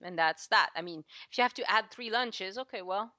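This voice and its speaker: Woman host, bright and forceful tone, dry close recording, enthusiastic interviewer. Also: medium pitch, a little fast, no echo, highs cut off. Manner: enthusiastic, lots of reactions. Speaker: podcast host interviewing a guest. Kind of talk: casual chat.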